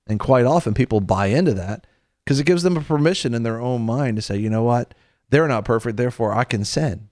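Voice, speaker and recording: Middle-aged male host preaching on a faith talk show, lowish voice, earnest and chatty, dry close mic. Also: darkish tone, no room sound. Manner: earnest, conversational, with repeated restarts.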